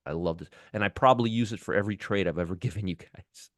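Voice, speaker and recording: A deep-voiced man hosts a trading show in a loose, enthusiastic way, repeating words and breaking off phrases as he goes. His voice is close and dry, with no room sound around it. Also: quick pace, few pauses, a bit bright, no room sound. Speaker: stock trading show host. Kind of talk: casual market commentary.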